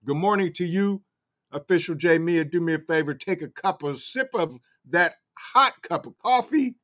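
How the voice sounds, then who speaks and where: A man's voice: on the high side, expressive, moderate pace, fairly bright tone. A man hosting a casual livestream, fired up and greeting chat viewers by name. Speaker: livestream host. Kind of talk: casual live-chat commentary.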